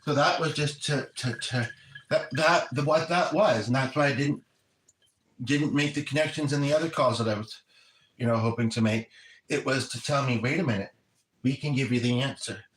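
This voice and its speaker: A man's voice: mid-range voice, normal speed, a bit bright. A man, a spiritual medium, chatting casually and earnestly, often stopping mid-thought and restarting. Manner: rambling, self-interrupting, earnest. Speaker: spiritual medium relaying messages. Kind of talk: casual livestream chat. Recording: roomy echo, distant from mic, faint noise.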